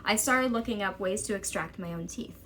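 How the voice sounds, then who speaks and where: A woman's voice: mid-range voice, fairly bright tone. A young woman vlogging a personal story to camera, urgent and exasperated, quoting others as she goes. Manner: urgent, exasperated retelling with quick quoted dialogue.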